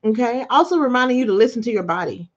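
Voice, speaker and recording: A woman hosting her podcast in a casual motivational chat, telling stories in an animated way and often laughing, her voice jumping high when she quotes herself. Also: fast talker, highs cut off. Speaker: podcast host.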